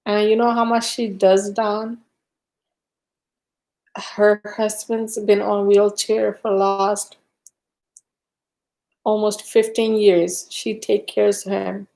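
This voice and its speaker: A woman's voice: medium pitch, little pitch movement, slow, gravelly, pauses often, darkish tone. A middle-aged woman hosting a casual live stream, chatting with viewers and telling stories with frequent laughter. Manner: chatty storyteller, laughs often.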